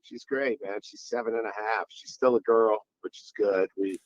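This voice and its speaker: A man telling crude stories in a loose podcast chat, quick to jump into other voices. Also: fairly low pitch, dry recording, muffled recording. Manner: crude, animated storytelling with quick voice switches. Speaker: guest comedian.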